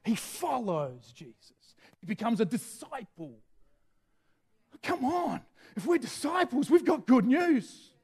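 A middle-aged man preaching a sermon with energy, shouting out key phrases. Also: very high-pitched, very animated, slow, breathy edge.

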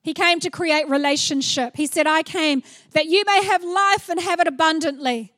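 A middle-aged woman preaching a sermon, animated and playful, acting out little scenes as she goes. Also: extremely high pitch, normal speed, dry recording, clean studio sound.

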